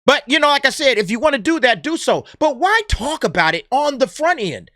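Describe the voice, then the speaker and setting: Exasperated high-voiced man ranting. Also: big pitch swings, fairly quick, sharp tone, dry recording, studio quality. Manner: exasperated, blunt, slangy and sarcastic. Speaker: movie commentary vlogger. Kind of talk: ranting opinion commentary.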